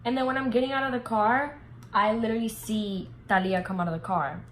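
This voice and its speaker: This low-quality recording, carrying a bit of hiss or hum, features a brisk, slightly high-pitched young woman. She's a vlogger doing a laid-back storytime, animated and stuffed with fillers, cursing without hesitation.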